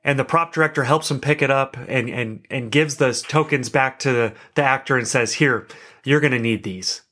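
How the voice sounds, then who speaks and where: A man's voice: medium pitch, normal speed, sharp tone. Chatty man telling a story. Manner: chatty, self-deprecating, laughs now and then. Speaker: podcast host. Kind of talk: casual storytelling monologue.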